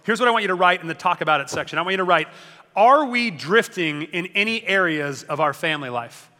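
A man preaching a sermon as a pastor, energetic and conversational, often joking with the congregation. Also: high voice, a little fast, in a large hall.

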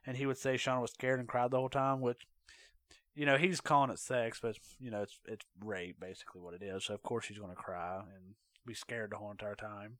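A man recounting a true crime case in a casual, conversational way, with fillers, self-corrections and quiet personal asides. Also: fairly low pitch, steady tone, brisk, dry recording. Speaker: true crime podcast host.

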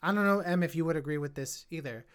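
A woman hosting a casual film podcast, talking animatedly and repeating words when she gets excited. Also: low voice, fast. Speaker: podcast host.

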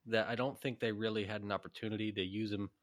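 A man co-hosting a sports podcast, giving quick opinions in casual chat with frequent restarts. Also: fairly low pitch, fairly even intonation, a bit bright. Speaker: podcast co-host.

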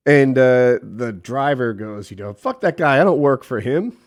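A middle-aged man tells a story in easy, casual chat. His voice rises and falls a lot as he acts out what people said, and he swears freely. He sits at a middle pitch and talks the way a podcast host does. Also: unhurried. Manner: animated, profane, quotes people in voices.

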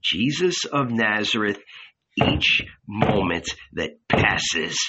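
A man's voice: on the low side, animated, slow pace, lo-fi sound, heavy background noise. A man reading an audiobook, voicing a playful, mischievous male guardian angel disguised as a boy who lectures with a teasing edge.

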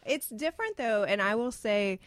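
A woman's voice: fairly high pitch, animated, normal speed, dry recording. A woman co-hosting a podcast, playful and inquisitive, who asks questions. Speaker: supervisor and co-host. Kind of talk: casual podcast chat.

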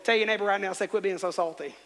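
A man's voice: high voice, fairly even intonation, racing, a bit bright, long reverb tail. A man preaching a sermon as pastor, fervently telling the congregation how to respond. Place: church sanctuary.

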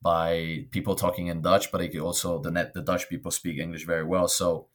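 Deep-voiced young italian guy chatting about his life, tells stories, does little voices for people. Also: brisk. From northern Italy. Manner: storytelling, animated when quoting others. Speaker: guest. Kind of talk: casual interview conversation.

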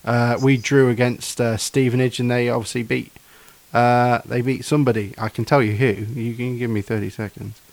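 Gravelly man, chatty co-host. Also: mid-range voice, flat delivery, moderate pace, a little mellow, no echo. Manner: chatty, laughs often, hesitant fillers. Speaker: podcast co-host. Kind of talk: casual football chat.

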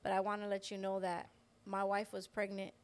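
A woman co-hosting a Christian podcast, telling a personal testimony in a lively way and acting out the voices of the people in her story. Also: mid-range voice, fairly quick, clean tone. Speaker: podcast co-host. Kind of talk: personal faith testimony in casual chat.

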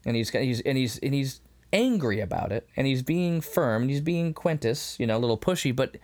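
A man's voice: mid-range voice, normal speed. A man co-hosting a podcast in casual chat, retelling scenes with lots of laughter and stop-start phrasing. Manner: animated retelling, laughs often; many fillers and restarts. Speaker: podcast co-host.

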